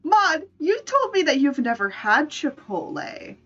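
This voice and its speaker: A woman's voice: high voice, big pitch swings, measured pace, a bit bright, lo-fi sound. A woman streamer in playful, casual live-stream chat, laughing often. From United States.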